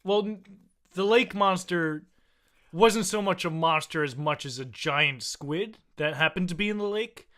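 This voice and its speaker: A male podcast co-host telling an absurd story with deadpan delivery and casual swearing. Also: high-pitched, measured pace. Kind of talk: comedic storytelling.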